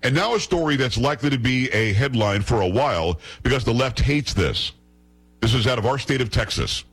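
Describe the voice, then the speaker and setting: A man's voice: medium pitch, lively intonation, fairly quick, a bit bright, husky, low-quality recording. A male talk radio host delivering an opinionated, combative monologue with a scornful, emphatic manner.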